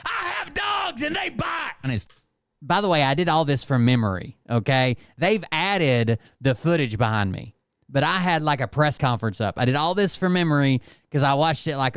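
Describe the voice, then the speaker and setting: A man's voice: medium pitch, clear, resonant tone, no echo, studio quality. A man hosting a casual show, talking in a loose, rambling and profane way. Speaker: host. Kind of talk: casual chat.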